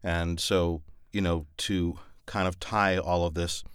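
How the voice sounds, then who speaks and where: A man with a very low, deep voice chats loosely about his narration work, wandering through his thoughts with frequent fillers. The sound is dry and close, with no room around it. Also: flat delivery, slow, clean tone, dry recording. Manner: thoughtful, rambling with many fillers. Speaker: audiobook narrator. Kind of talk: casual podcast chat.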